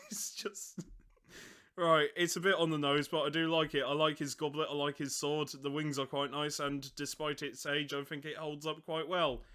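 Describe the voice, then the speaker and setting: A man's voice: fairly high pitch, level tone, normal speed, few pauses, bright, forceful tone, smooth. A man hosting a casual hobby chat, rambling and self-mocking, often breaking into giggles. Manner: giggly, keeps breaking into laughter. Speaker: hobby channel host.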